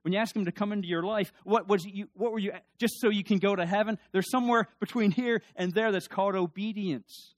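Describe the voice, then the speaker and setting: A man's voice: sits high, fairly even intonation, a little fast, few pauses, dry recording. Emphatic preaching man, dry close sound. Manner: preaching with rising emphatic bursts and call-and-response. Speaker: pastor. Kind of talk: sermon.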